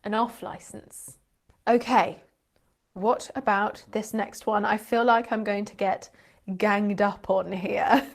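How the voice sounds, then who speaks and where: A woman's voice: medium pitch, fairly even intonation, slow. A British woman, an English teacher and channel host, explaining word differences playfully with frequent laughs and teasing asides. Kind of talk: explaining vocabulary to camera.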